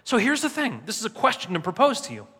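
A man preaching a sermon as pastor, conversational and self-deprecating, often tagging his points with a quick question to the room. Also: high-pitched, huge pitch swings, bright, forceful tone, slightly rough. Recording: long reverb in a large hall.

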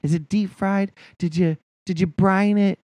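A man's voice: sits high, unhurried, no echo. A man in his thirties co-hosting a casual podcast, ranting with lots of swearing. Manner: animated, swears a lot, rants. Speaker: podcast co-host. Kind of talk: casual profane chat.

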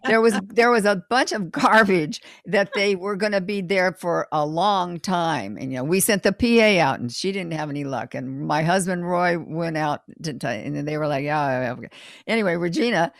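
A woman's voice: fairly low pitch, moderate pace, vocal fry, hardly any pauses, no echo, clean studio sound. A woman hosting a casual interview, talking in a rambling way with frequent restarts. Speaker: talk show host.

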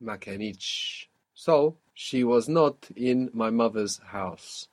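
A man teaching a one-on-one spoken language lesson, patiently explaining and modelling words slowly. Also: medium pitch, expressive, darkish tone.

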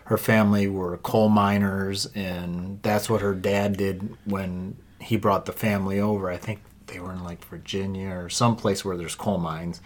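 A man co-hosting a casual political chat, recounting details in a relaxed, conversational way. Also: sits low, moderate pace, few pauses.

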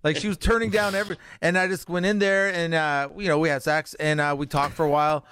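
Brief: male guest telling a story, a touch high-pitched, dry close sound, profane and animated. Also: quick pace, smooth, no echo. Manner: profane, animated, acts out voices in his stories. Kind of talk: casual storytelling.

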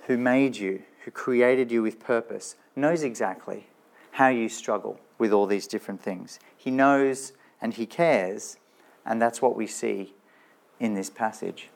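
A man preaching a sermon in a church, talking in a conversational way and asking his listeners rhetorical questions. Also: mid-range voice. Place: church with slides shown.

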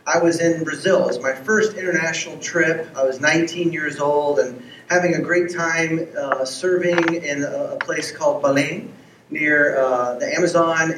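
A man's voice: fairly high pitch, unhurried, a bit bright, a little hiss or hum. A man preaching a sermon who tells stories and acts out the dialogue in them. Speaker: pastor. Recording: echoey room, heard from far off.

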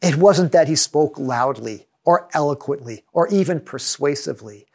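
A man's voice: on the high side, expressive, creaky, darkish tone. Earnest male pastor preaching a sermon. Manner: measured, earnest preaching with reading aloud from scripture.

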